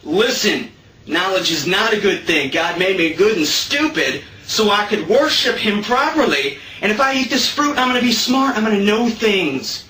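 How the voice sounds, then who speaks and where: A man's voice: high-pitched, lively intonation, moderate pace, sharp tone, echoey room, far from the mic, low-quality recording. A man quoting a naive young woman who earnestly pleads her case, in his own lightly raised voice. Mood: pleading.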